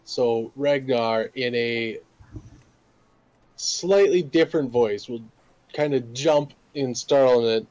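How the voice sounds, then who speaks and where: A man takes his turn in a tabletop game, slowly narrating his character's actions. The sound is dry, with no room echo. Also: medium pitch, darkish tone, highs cut off. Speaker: player.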